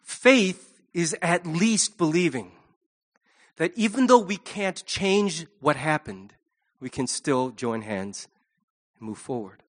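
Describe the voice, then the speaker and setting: A male pastor with a high, light voice delivers a sermon in a relaxed, conversational way. He jokes with the congregation and acts out little scenes as he goes. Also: slow. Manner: conversational and humorous, with acted asides. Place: church.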